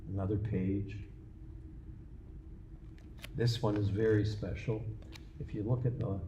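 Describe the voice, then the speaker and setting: A man's voice: deep voice, background noise. Older man telling wry lecture anecdotes. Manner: chatty storyteller, wry and self-mocking, frequent fillers. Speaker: guest lecturer, artist. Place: lecture room.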